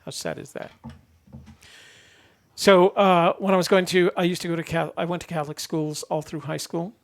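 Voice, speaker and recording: Gravelly older man chatting casually. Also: fairly high pitch, steady tone, moderate pace. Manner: rambling, self-correcting, laughs at himself. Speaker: co-host. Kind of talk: casual live-stream chat.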